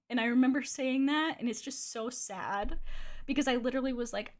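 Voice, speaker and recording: A young adult woman streamer tells a personal story in a candid, chatty way, swearing freely and peppering her speech with "like." Her voice is a little high and her pace brisk.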